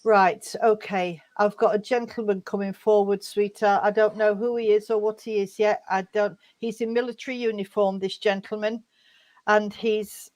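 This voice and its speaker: A woman leading a mediumship demonstration at a service. She talks in halting bits with many fillers and restarts, and calls people sweetheart. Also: mid-range voice, fairly even intonation, a little mellow.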